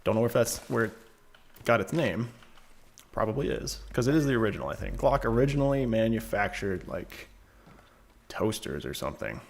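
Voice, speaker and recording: A man's voice: fairly low pitch, big pitch swings, moderate pace, creaky. A man streaming a game, chatting casually and rambling through asides and self-corrections into a desk microphone. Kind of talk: casual live-stream chat. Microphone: desk microphone on a shock mount.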